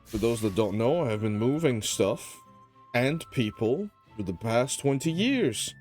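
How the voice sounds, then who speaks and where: A man's voice: medium pitch, animated, unhurried, a little mellow, soft background music. A tired man hosting a gaming channel, rambling in casual gameplay commentary with a sleepy, self-joking manner.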